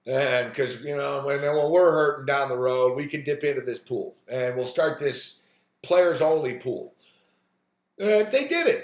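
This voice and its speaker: A man hosting a sports talk live stream, telling a story in an animated, profane rant full of quoted voices. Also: mid-range voice, a little slow, roomy sound.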